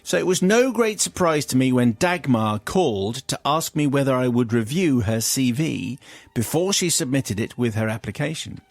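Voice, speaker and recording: A man's voice: medium pitch, expressive, normal speed, few pauses, no echo. A middle-aged male radio host reading a listener's letter aloud in a wry, theatrical way. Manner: wry and theatrical, breaking into laughter.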